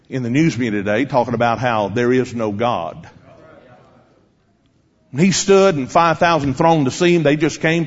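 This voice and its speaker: Husky preacher challenging his congregation. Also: medium pitch, dull audio. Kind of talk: sermon.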